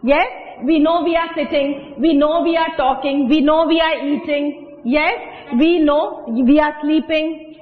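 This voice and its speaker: High-voiced Indian woman teaching a class. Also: fairly even intonation. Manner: explains words slowly, mixes in Hindi, asks pupils questions. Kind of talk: classroom English lesson. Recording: dull echoey classroom recording.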